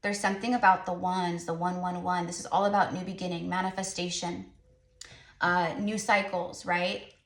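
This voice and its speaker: A woman's voice: fairly low pitch, level tone, moderate pace, a bit bright. Earnest woman tarot reader, echoey room. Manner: earnest, repetitive, encouraging, chatty. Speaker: tarot reader and psychic medium. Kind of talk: spiritual tarot reading to camera.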